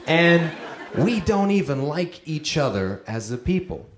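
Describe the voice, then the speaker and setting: A man from Romania performing a stand-up comedy set on a club stage, mostly deadpan with sudden loud high-pitched outbursts. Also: measured pace, a little hiss or hum. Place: comedy club with live audience. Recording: echoey club with audience laughter.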